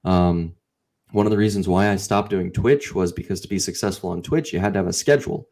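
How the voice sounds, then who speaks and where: Chatty, animated low-voiced man. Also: a little fast. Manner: animated, talkative, laughs loudly. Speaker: guest author. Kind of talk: casual interview chat.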